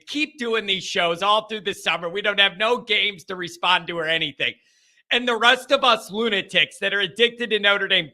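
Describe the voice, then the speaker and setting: A man hosting a sports call-in stream, ranting with excitement and swinging between shouting and calming himself down. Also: high-pitched. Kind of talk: excited sports talk rant.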